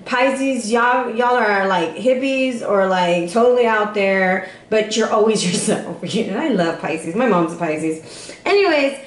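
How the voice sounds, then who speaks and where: A woman giving a casual, playful tarot reading to camera, chatty and quick to laugh. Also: mid-range voice, roomy sound. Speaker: tarot reader.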